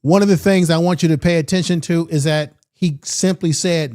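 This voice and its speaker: A man's voice: fairly high pitch, a little fast, hardly any pauses, darkish tone. A man giving opinionated political commentary with emphatic delivery and repeated rhetorical questions.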